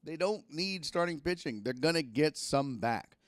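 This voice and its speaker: Profane, animated sports host. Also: male voice, fairly high pitch, moderate pace, no room sound, studio quality. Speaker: sports talk show host. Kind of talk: casual sports talk livestream. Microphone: microphone plugged into a camera.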